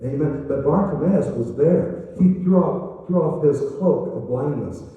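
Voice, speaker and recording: Older preacher in an echoey hall. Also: male voice, a little high, unhurried, recorded from a distance, phone-quality sound. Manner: animated storytelling, acting out voices. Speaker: evangelist preacher. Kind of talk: sermon.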